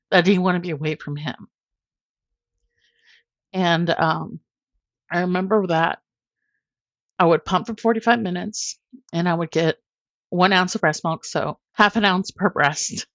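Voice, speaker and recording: Candid mother telling her story, low-voiced. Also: dry recording. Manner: emotional, candid, often laughing at herself. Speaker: podcast guest.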